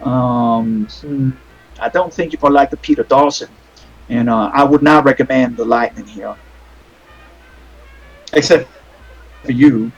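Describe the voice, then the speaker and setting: A man doing a young Southern waitress, teasing drawl, husky, dull lo-fi sound. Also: medium pitch, a little slow, long pauses, soft background music. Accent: American Southern.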